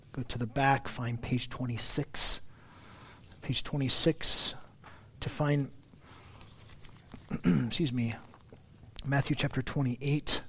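A middle-aged man, a pastor preaching a sermon in church, talking in a conversational, self-deprecating way and getting louder when he stresses a point. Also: mid-range voice, breathy edge. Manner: conversational, self-deprecating, rising loud on emphasis.

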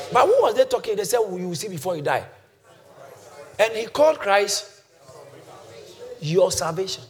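Animated preacher man, lively pitch. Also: moderate pace, long pauses. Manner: animated preaching, swings from soft to shouting; congregation shouts back responses. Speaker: pastor. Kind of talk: sermon.

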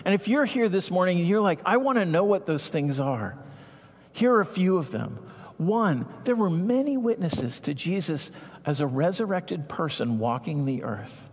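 Husky-voiced male pastor preaching in a reverberant hall. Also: fairly high pitch. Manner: earnest, emphatic, slows to stress key words. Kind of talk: sermon.

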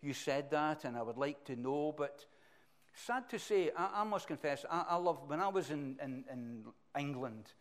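A middle-aged Scottish man preaching a sermon, emphatic and animated, swinging between loud bursts and quiet asides. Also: a little high, normal speed. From Scotland.

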